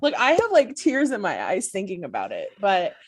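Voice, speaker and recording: A woman telling a story on her podcast, giggling all the way through. Her voice sits at an ordinary middle pitch and keeps bubbling with excitement. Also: normal speed, breathy edge. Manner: gushing, giggly, breathless storyteller. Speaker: podcast co-host.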